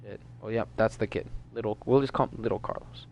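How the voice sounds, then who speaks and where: A man's voice: lowish voice, fairly even intonation, fast, creaky, a little mellow, slight background noise. A man of nineteen from the Washington DC area telling a casual story in a rambling, profane way, full of fillers. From Washington DC metro area, US. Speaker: gaming vlogger.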